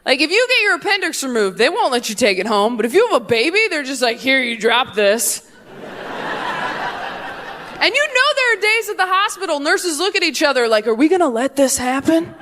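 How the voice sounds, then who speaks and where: A woman's voice: sits high, very animated, a little fast, bright, forceful tone. A woman performing a stand-up comedy set on stage, with a punchy, sardonic delivery that acts out the voices she quotes. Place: comedy stage before a live audience.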